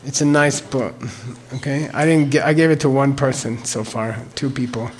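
An older man teaches the sounds and meaning of a mantra in a medium-pitched voice with fairly even intonation, and a little hiss or hum is audible. He's slow and deliberate, spelling and repeating words and checking in with "okay?" after each point.

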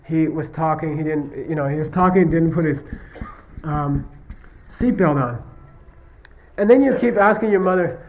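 Man lecturing with a fairly high voice. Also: normal speed. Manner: repeatedly checks understanding with "okay?" and "you see what I mean?"; tells stories, acting out question-and-answer exchanges. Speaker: Buddhist philosophy teacher. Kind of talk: conversational classroom lecture.

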